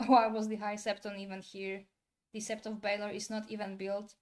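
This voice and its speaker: Woman, casual commentary, frank opinions, lively bursts of imitation. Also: medium pitch, moderate pace. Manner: candid, animated when imitating actors.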